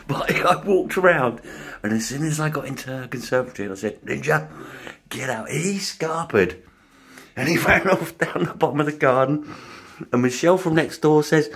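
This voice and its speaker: A man, casually telling a story to camera, speaking softly and getting animated when he retells the shouting. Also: mid-range voice, normal speed. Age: 50s. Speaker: vlogger.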